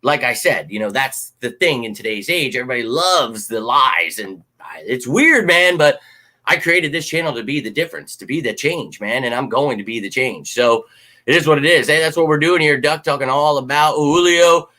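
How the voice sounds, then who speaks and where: A man's voice: mid-range voice, moderate pace. A man hosting a sports fan channel, chatting casually and bluntly with viewers, swearing freely and getting worked up. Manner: animated, blunt, swears, talks straight to viewers. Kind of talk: casual live-stream chat.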